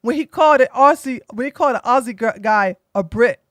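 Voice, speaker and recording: A woman with a high voice delivers blunt, opinionated online commentary, animated and quick to slip into mocking impressions. Her voice is recorded close and dry, with no room sound around it. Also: no room sound.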